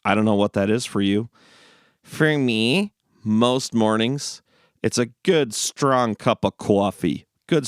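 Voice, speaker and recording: Low-voiced rambling man hosting. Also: clean tone, no room sound, clean studio sound. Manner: rambling, repeats and restarts phrases. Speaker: host. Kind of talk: casual stream-of-consciousness monologue.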